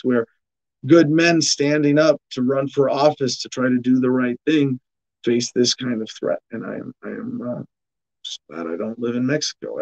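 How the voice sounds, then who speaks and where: A man's voice: mid-range voice, vocal fry, darkish tone, highs cut off. A man hosting a podcast, reading headlines and riffing on them sarcastically, with frequent restarts and laughs. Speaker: podcast host. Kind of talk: casual news commentary.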